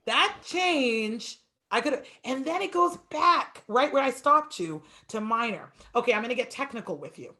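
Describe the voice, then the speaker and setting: Lively fast-talking woman piano teacher. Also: fairly high pitch. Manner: talks fast and lively, stretches words for emphasis. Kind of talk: masterclass teaching.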